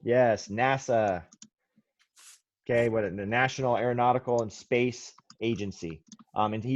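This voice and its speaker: A man's voice: medium pitch, steady tone, brisk, darkish tone. A male history teacher lectures in a classroom, restarting sentences and backing up as he goes. He keeps throwing questions out to his students. The recording sounds muffled and lo-fi. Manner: rambling, self-correcting, quizzes students.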